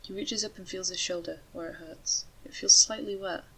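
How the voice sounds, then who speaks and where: A woman narrating a story in a steady, measured way. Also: medium pitch, husky, low-quality recording.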